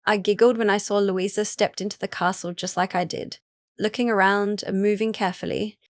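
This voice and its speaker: A woman narrating a first-person audiobook in an even, steady reading. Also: mid-range voice, brisk, dry recording, clean studio sound.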